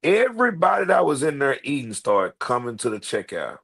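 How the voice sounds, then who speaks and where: A man's voice: mid-range voice, a little fast, creaky, husky. A man hosting his own show, telling a comedic, profane story straight to his viewers and calling them "y'all.". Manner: profane, animated, talks to the audience as "y'all". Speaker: online show host.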